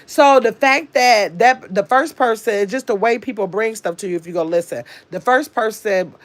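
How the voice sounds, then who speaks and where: A woman's voice: a little high, moderate pace. A woman with a nasal voice, chatting to her livestream audience in a rambling, casual way. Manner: rambling, chatty storytelling with restarts. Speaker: live streamer.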